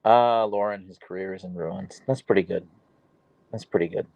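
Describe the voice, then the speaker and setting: A man's voice: sits low, normal speed, vocal fry, no room sound, highs cut off. A man hosting a casual livestream, chatting easily as he reads out and answers viewer comments about his dogs. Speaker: livestream host and dog owner.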